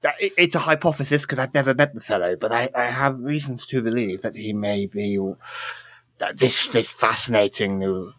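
A man's voice: mid-range voice, normal speed, a bit bright, no room sound, lightly acted. A man voicing a fussy, verbose male halfling scholar who rambles, stammers and talks formally in a tabletop game. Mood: earnest.

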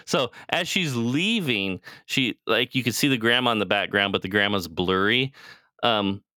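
A man's voice: on the low side, animated, moderate pace, sharp tone, dry recording, clean studio sound. A man co-hosting a podcast, casually retelling a TV show in a rambling, profane way and acting out the characters' lines. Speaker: podcast co-host.

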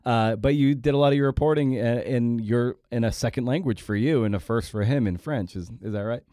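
A man hosting a podcast, asking long, halting questions full of fillers. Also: medium pitch, dark tone, dry recording, clean studio sound. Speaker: podcast host. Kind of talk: interview questions.

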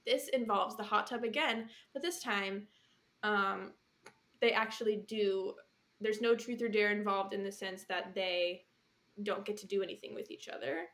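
A woman's voice: mid-range voice, moderate pace, a bit bright. A woman co-hosting a chatty podcast, gushing about a book with many "um"s and "like"s and frequent giggles. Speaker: podcast co-host. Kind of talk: casual chat.

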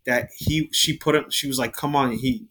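A man's voice: medium pitch, moderate pace, breathy edge. Man telling a wild story casually. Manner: animated storyteller, swears a lot.

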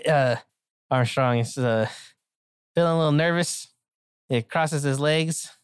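A woman with a low, dry voice improvising a comic story in a rambling, giggly, self-mocking way. She chats straight to the listener, recorded close with no room sound. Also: measured pace, clear, resonant tone, no room sound.

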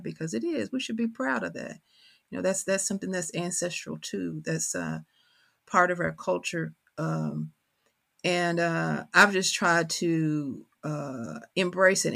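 Middle-aged Kentucky-accented woman, gravelly tone, reflective and halting interview guest. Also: low-pitched, a bit bright. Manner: thoughtful, halting, with frequent fillers and restarts. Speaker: poet and professor, interview guest.

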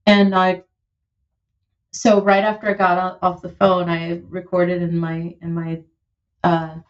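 A woman in her thirties, a musician being interviewed, talking in an animated, heartfelt way with lots of "like" and "you know". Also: on the low side, a little slow, lo-fi sound. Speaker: musician and producer, guest. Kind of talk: conversational interview.

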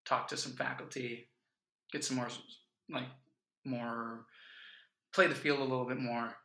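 A man's voice: medium pitch, fairly even intonation, a little slow, bright, forceful tone. A man in his twenties, a podcast guest, telling stories in an earnest, reflective way. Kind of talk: casual chat. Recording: echoey room.

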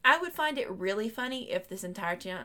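A woman hosts a relaxed book-chat podcast, her voice sitting in a middle pitch. She talks loosely with friends, laughs easily and now and then reads lines from the book aloud. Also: a little fast. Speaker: podcast host.

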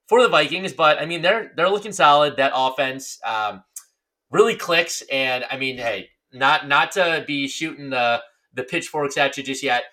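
A young man co-hosting a sports podcast, chatting in a relaxed, slightly rambling way. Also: mid-range voice. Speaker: podcast co-host. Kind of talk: casual sports chat.

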